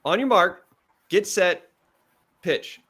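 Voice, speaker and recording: Pitch coach guy, kinda high voice, lively and direct, acts stuff out. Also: slow, slightly rough. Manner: animated and direct, acts out examples. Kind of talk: live pitch coaching feedback.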